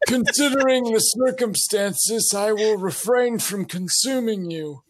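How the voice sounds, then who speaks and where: A man's voice: high-pitched, a little slow, slightly rough, dry recording, voice pushed up, rough recording. A man doing a grandly polite Santa. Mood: magnanimous. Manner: grand, mock-dignified speech.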